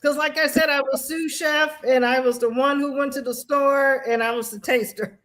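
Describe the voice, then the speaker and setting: A woman, a veteran guest, earnestly sharing personal stories in an animated way, often restarting her sentences. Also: high-pitched, moderate pace. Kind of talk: casual personal storytelling.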